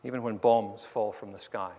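A man's voice: fairly low pitch, steady tone, moderate pace, dark tone. A man preaching a sermon to a congregation in earnest, varied tones, moving from story to prayer. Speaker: pastor. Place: church. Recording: long reverb of a large hall.

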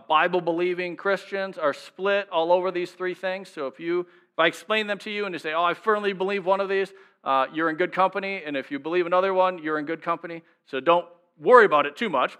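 A man's voice: on the high side, a bit bright, smooth. A male pastor preaching a sermon in a conversational way, asking the congregation many rhetorical questions.

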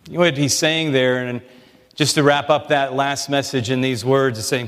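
A man's voice: medium pitch, fairly even intonation, moderate pace, clear, resonant tone. Conversational male pastor in a reverberant hall. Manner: conversational preaching, acts out Bible dialogue. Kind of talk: sermon. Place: church sanctuary.

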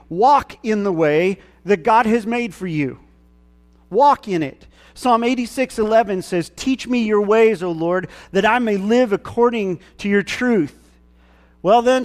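Twangy guy preaching a sermon in a church, pretty high voice, gets loud and emphatic, long hall echo. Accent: central US twang. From central United States. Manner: earnest preaching that builds to emphatic, raised-voice peaks. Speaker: pastor. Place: church sanctuary.

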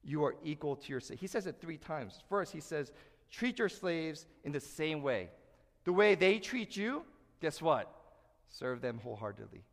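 A man preaching a sermon, animated and lively, acting out quoted voices as he teaches. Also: a little high, moderate pace. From United States. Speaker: pastor. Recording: echoey hall reverb.

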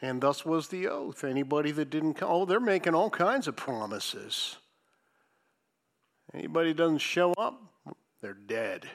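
A man preaching a sermon, reading scripture and commenting with sarcasm, swinging from loud emphasis to hushed asides. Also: on the high side, very animated, normal speed, vocal fry.

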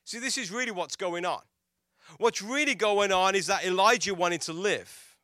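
A pastor preaching a sermon in a high, bright voice with a smooth, clear tone. He tells stories and asks his listeners questions. He swings from loud, emphatic lines to hushed, quiet ones, recorded dry and close. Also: moderate pace, dry recording. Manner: dramatic swings between loud and hushed delivery; storytelling with rhetorical questions to the congregation.

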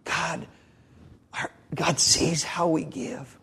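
Husky-voiced man preaching a fervent sermon. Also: a little high, level tone, drawn-out words, bright, forceful tone. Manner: fervent preaching, many rhetorical questions. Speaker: pastor. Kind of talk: sermon to a congregation. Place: church.

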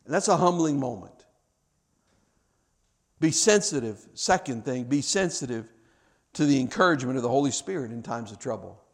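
A man preaching a sermon, swinging from hushed, reflective stretches to loud, impassioned ones. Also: mid-range voice, animated, normal speed, long pauses.

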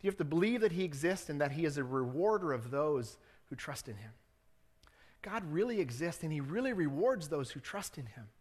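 A man's voice: fairly high pitch, very animated, brisk, a little mellow, husky, in a large hall. A man preaching a sermon as the church's pastor, talking casually with the congregation and building to fervent appeals. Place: church sanctuary.

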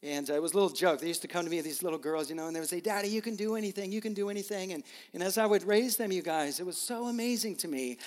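A man's voice: fairly high pitch, rapid-fire, few pauses. A middle-aged man preaching a sermon as pastor, earnest and emotional, often repeating his words. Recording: reverberant hall.

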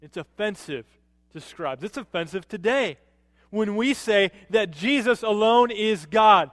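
High-voiced man preaching in a hall. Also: measured pace, studio quality. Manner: animated preaching, rises to emphatic peaks and drops low for quotes. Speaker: pastor. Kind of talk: sermon.

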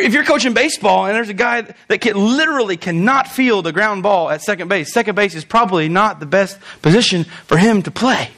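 A young man preaching with a high-pitched voice. He swings between loud, quick bursts and slow, drawn-out stretches, throws in jokes, and speaks straight to the congregation. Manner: animated, joking asides, talks straight to the congregation. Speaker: pastor. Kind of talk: sermon.

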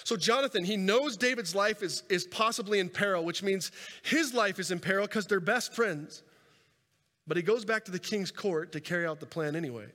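A man preaching a sermon and telling a scripture story with animated delivery, swinging between loud and soft and repeating words as he goes. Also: sits high, moderate pace. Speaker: pastor. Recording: reverberant hall sound.

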